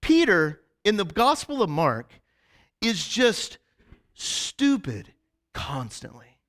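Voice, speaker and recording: A male pastor spins a rambling, animated story in his sermon, tossing "right?" to the congregation again and again. His voice sits high and sounds sharp and bright. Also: takes it slowly. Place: church service before a congregation.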